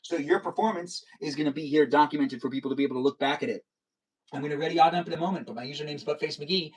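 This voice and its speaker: A man live streaming a video game, chatting casually and rambling, talking fast, reading chat aloud and half-singing his username letter by letter. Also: fairly high pitch, slightly rough, low-quality recording.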